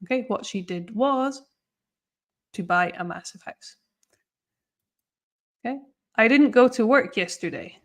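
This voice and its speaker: A woman's voice: on the high side, lively intonation, a little slow, long pauses. A woman teaching English grammar in a live online lesson, explaining patiently and often checking in with "okay?" and "no?".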